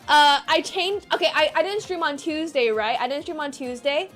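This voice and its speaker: Casting note: young woman streamer with a high voice, rambling chatty storytelling, repeats herself, faint music under her. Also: normal speed, a bit bright. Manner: rambling, repeats phrases, laughs often. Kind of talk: casual storytelling to stream chat.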